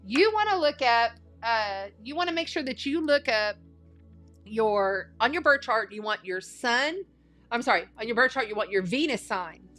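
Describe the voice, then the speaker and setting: A woman's voice: a little high, lively intonation, normal speed, a bit bright, soft background music. Chatty woman reading tarot cards. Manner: chatty, folksy, repeats phrases for emphasis. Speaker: astrology and tarot reader. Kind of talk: casual spiritual livestream reading.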